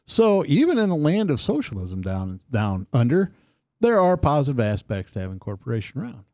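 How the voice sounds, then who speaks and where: A man co-hosting a casual political radio chat, telling stories in an animated, lively way. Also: fairly quick, no room sound, studio quality. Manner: animated storytelling, lively pitch swings. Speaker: co-host. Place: studio.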